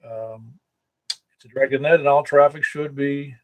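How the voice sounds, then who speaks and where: A man speaks at a medium pitch with a steady tone and moderate pace, though the audio quality is poor. He's running a ham radio net as net control, chatting casually on air and rambling, often correcting himself.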